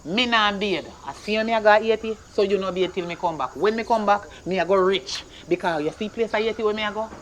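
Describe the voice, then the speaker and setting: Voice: medium pitch, a little hiss or hum, close to an everyday voice. Performer playing a bossy Jamaican mother. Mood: scolding. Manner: scolding, bossy, rapid patois. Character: stern broke Jamaican mother scolding her son. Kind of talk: comedy skit acting.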